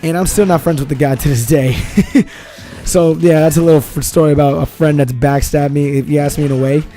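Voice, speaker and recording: A man's voice: a little high, steady tone, a little fast, mellow. A young man telling a casual, rambling story about a falling-out with a friend, swearing often and repeating himself with slangy "bro" and "man". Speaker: vlogger.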